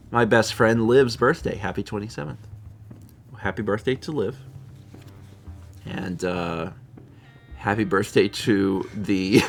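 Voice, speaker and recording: A man's voice: lowish voice, fairly bright tone. A man co-hosting a live stream, chatting casually and reading out viewer messages with a laid-back manner and frequent chuckles.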